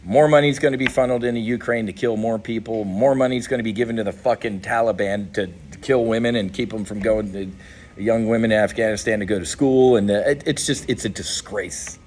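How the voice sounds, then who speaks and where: A man's voice: fairly low pitch, brisk, darkish tone, slight background noise. A middle-aged man giving an impassioned, profane political monologue as a podcast host, blunt and frustrated, often restarting his sentences. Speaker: podcast host and veteran advocate.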